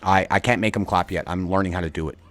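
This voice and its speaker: Low-voiced excitable male stream host. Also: no room sound. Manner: enthusiastic, halting with fillers and repeats. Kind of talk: casual sports talk live stream.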